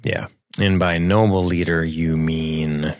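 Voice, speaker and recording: A man's voice: rumbling low, fairly even intonation, slow, a little mellow, dry recording, studio quality. A man co-hosting a podcast, chatting casually and profanely about a movie as he watches it, laughing often. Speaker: podcast co-host. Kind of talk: casual movie commentary chat. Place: home streaming setup.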